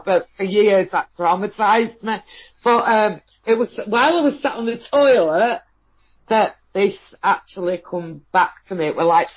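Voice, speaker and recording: A woman telling a personal experience, halting with many fillers and restarts. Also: mid-range voice. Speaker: guest. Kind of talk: emotional personal account. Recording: dull lo-fi audio.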